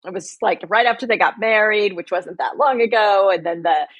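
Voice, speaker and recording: Woman, podcast co-host, casual chat, effusive, husky, dry close sound. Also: mid-range voice, fairly quick, no room sound, dull audio. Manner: effusive, chatty, restarts often.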